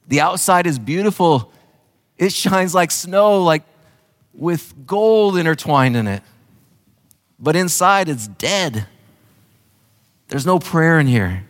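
A man's voice: a little high, expressive, takes it slowly, long pauses. A male pastor preaching a sermon in an earnest, impassioned way with emphatic repetition. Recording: echoey hall.

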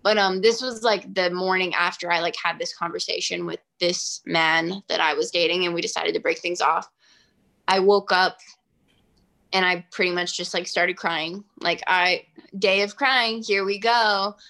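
Young woman, bright, tense tone, chatty interview guest peppering every line with "like.". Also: on the low side, normal speed, vocal fry. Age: 20s. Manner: chatty, heavy use of "like", animated. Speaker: singer-songwriter guest. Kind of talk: casual interview storytelling.

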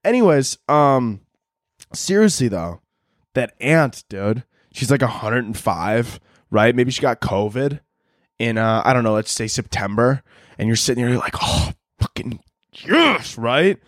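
A man's voice: mid-range voice, a little slow, dry recording, studio quality. A young man hosting a podcast, ranting in a crude, rambling comedic monologue and laughing often. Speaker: podcast host.

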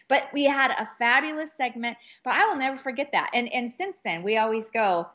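A woman co-hosting a Christian radio talk show, telling a lively faith story with frequent restarts. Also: high voice, fast talker, few pauses. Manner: animated, giggly storyteller with many restarts.

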